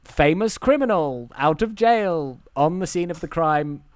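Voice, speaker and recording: A man's voice: fairly high pitch, animated, a little slow, clean tone, no echo. A man, co-host of a podcast, casually recapping a film with lots of ums and restarts. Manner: rambling recap with many fillers.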